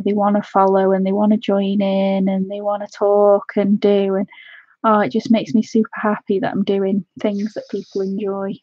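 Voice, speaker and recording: A woman hosting a live colouring stream, chatting excitedly, giggling often and thanking viewers warmly. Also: mid-range voice, dry recording, lo-fi sound. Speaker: craft channel host.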